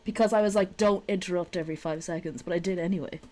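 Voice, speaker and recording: A woman's voice: lowish voice, quick pace, darkish tone. A young woman from Dublin with an Irish accent, chatting casually on a live stream, swearing and laughing often. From Ireland.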